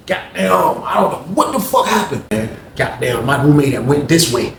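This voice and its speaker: He tells a profane story casually and very animatedly, acting out the scene at a fairly quick clip. His voice is fairly high and gravelly, and the echoey recording picks up faint background noise.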